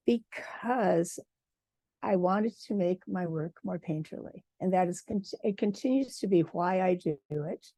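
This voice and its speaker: A woman from Michigan, a textile artist, giving a lively personal talk at a symposium and acting out quoted dialogue. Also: mid-range voice, no room sound. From Michigan, USA. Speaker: guest speaker, textile artist.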